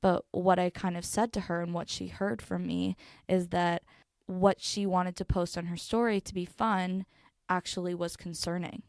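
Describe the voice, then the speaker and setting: Mellow young woman with a gravelly edge. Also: fairly low pitch, no echo, studio quality. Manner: casual, rambling, heavy filler words; calm and mellow. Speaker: video host. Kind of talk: personal reflective talk.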